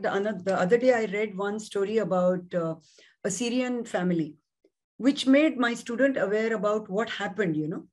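A woman's voice: medium pitch, darkish tone. A woman with a Singaporean English accent, a specialist teacher giving a webinar talk in a chatty way, with many fillers and restarts. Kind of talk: webinar presentation.

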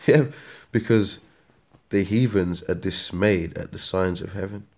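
A man's voice: low-pitched, a little slow, a little mellow. A man with a British accent, preaching casually and rambling, dropping slang like "man" and "mate" and stumbling when he reads aloud. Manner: rambling, stumbles over words while reading aloud. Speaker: street preacher.

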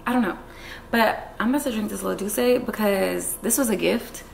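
A woman's voice: medium pitch, moderate pace, creaky. A woman talking casually to her viewers in a vlog, chatty and nervous. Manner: chatty, talks to viewers as y'all. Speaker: vlogger. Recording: echoey room with faint noise.

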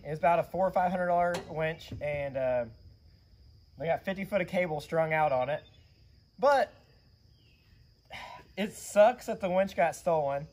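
Hoarse male vlog host, slightly high, animated rambling delivery. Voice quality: raspy. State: hoarse from yelling. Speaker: channel host, custom car builder. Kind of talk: casual vlog storytelling.

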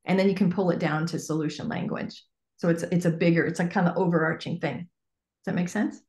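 A woman business coach teaching a workshop in a chatty, animated way with lots of fillers. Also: fairly low pitch, fast. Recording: echoey room.

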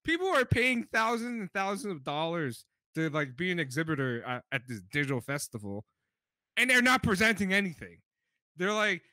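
Bright, high-pitched excited man. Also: moderate pace, no room sound. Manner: animated, swearing, mimics deep voices of company speakers. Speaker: podcast co-host. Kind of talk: excited casual chat.

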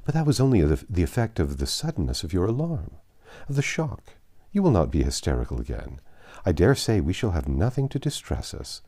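A man reading a classic novel aloud, voicing a calm, sensible woman who speaks gently and reasons with her sister. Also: sits low, fairly quick, heavily acted. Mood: soothing.

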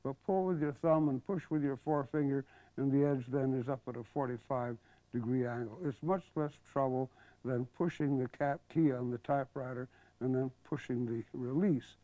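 A man's voice: mid-range voice, steady tone, normal speed, warm tone, dry recording. Older man teaching patiently on old TV. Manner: patient, explanatory, drops to a murmur while writing. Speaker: calligraphy teacher. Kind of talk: televised instructional lesson. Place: studio. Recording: dull 1970s broadcast TV audio.

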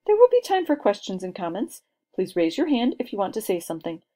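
A woman's voice: mid-range voice, wildly swooping pitch, a little fast, mellow, pitched above the performer's own voice. A woman voicing a poised, commanding second-grade girl who tells theatrical stories to her class. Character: bossy, confident second-grade girl storyteller.

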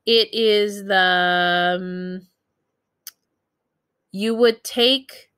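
A woman's voice: mid-range voice, fairly even intonation, extremely slow, a bit bright, smooth, no room sound, studio quality. A woman teaching a recorded Japanese grammar lesson, explaining in a casual way with many fillers and self-corrections.

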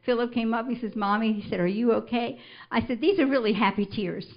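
An older woman recounts her testimony to a church congregation. She tells the story in an animated way and swells into emphatic scripture declarations. The recording is muffled and lo-fi. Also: on the high side, brisk. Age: older, a grandmother. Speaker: church member giving a testimony. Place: church service.

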